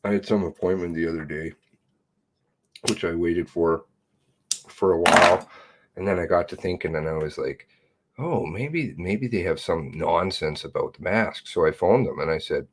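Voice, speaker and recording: Man, deep voice, slow, livestream host, rambling, reads comments aloud. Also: animated. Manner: meandering, reads viewer comments and emails aloud; blunt, swears casually. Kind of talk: rambling live chat.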